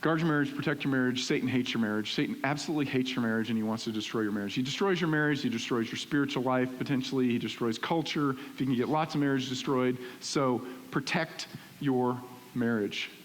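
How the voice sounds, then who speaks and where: A man's voice: medium pitch, quick pace. Man preaching animatedly in a reverberant church. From Texas. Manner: animated, conversational preaching, keeps asking "right?". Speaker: pastor. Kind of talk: sermon. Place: church sanctuary. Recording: reverberant church hall with faint hiss.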